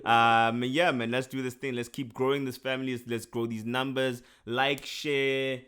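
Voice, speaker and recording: A man's voice: mid-range voice, flat delivery, normal speed, a bit bright, clean tone. A young man co-hosting a podcast, chatting casually with frequent laughs and repeated words. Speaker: podcast co-host. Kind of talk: casual chat.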